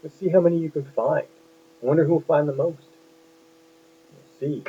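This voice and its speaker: A man's voice: on the high side, fairly even intonation, moderate pace, a little hiss or hum. A man teaching a phonics lesson to young children, patient and encouraging, asking lots of questions. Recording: tinny lo-fi phone-like sound.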